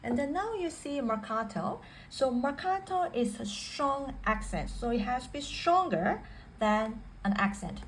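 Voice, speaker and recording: Slow-talking woman teaching piano. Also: sits high, animated, slight background noise, rough recording. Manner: patient, repeats and rephrases points. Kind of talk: spoken instruction. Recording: faint piano music behind. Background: piano playing.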